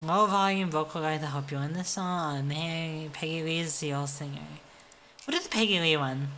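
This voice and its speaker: A woman's voice: low voice, moderate pace, a bit bright. A tipsy woman streamer chatting casually with viewers on a livestream, giggly and self-deprecating.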